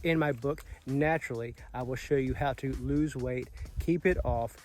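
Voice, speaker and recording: Speaking at a moderate pace with a mid-range, darkish voice, a vlogger in his late forties gives a sincere motivational talk outdoors on a Caribbean island, dropping casual swears.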